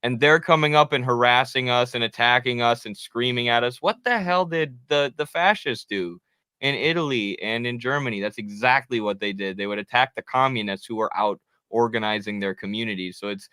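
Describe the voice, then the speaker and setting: Bright, smooth-voiced man chatting animatedly. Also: medium pitch, normal speed, no echo. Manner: animated, acts out quotes with laughs. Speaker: co-host. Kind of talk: casual political talk show chat.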